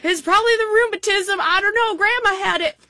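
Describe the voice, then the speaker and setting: A woman's voice: extremely high pitch, fairly quick, bright, forceful tone, no echo, clean studio sound, voice pushed up, heavily acted. A woman putting on the voice of a fussy, anxious hypochondriac. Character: fretful old-fashioned hypochondriac woman.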